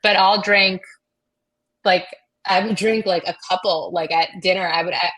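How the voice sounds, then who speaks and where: A woman's voice: fairly low pitch, fairly even intonation, normal speed, fairly bright tone. A middle-aged woman telling a rambling personal story in casual chat, full of fillers and quoted dialogue. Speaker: guest.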